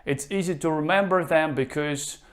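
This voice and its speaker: A man teaching a reading lesson, pronouncing each word slowly and leaving gaps for the listener to repeat. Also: on the high side. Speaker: Russian language teacher. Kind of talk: slow, careful language lesson.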